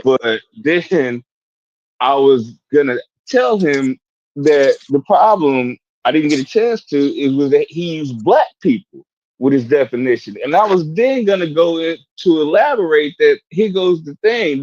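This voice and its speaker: Halting high-voiced man in casual debate. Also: big pitch swings, a little mellow, no room sound, highs cut off. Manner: halting, many restarts and fillers. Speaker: podcast panelist.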